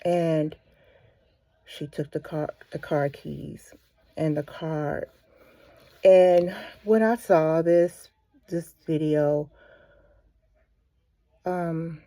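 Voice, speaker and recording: Low, gravelly-voiced woman telling a story. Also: drawn-out words, long pauses, dark tone, no echo. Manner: rambling storytelling with fillers and restarts. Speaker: ministry speaker. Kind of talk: casual spoken devotional.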